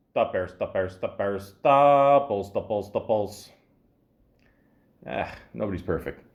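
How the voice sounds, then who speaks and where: A man's voice: fairly low pitch, a little mellow. Rambling, profane man. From Canada. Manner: profane, rambling asides with frequent fillers. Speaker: podcast host. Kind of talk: comedic podcast commentary reading out trivia.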